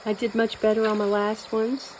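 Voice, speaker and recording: A woman's voice: medium pitch, little pitch movement, moderate pace, darkish tone, slight background noise, low-quality recording. A woman with a Southern US accent chatting casually while she cooks, rambling with many fillers and restarts. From born in New Mexico, raised mostly in Texas. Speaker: cooking vlogger. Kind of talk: casual chat while cooking.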